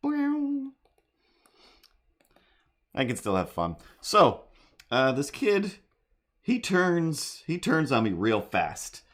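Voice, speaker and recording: On a live stream, a middle-aged man draws while telling a rambling, animated story, now and then breaking into silly made-up jingles. He speaks slowly at a medium pitch.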